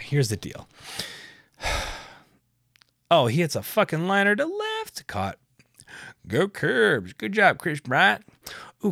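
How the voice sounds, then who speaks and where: A man's voice: a little high, gravelly, fairly bright tone, dry recording, clean studio sound. A young man hosting a podcast, delivering a rambling, profane rant that keeps getting sidetracked. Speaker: podcast host. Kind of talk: casual ranting monologue.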